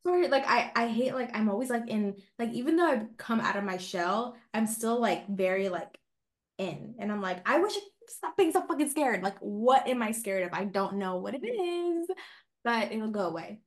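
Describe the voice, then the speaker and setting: A woman's voice: medium pitch, moderate pace. A young woman co-host chats on a podcast in a hesitant, self-conscious way. She pads her speech with filler words as she talks. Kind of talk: casual chat.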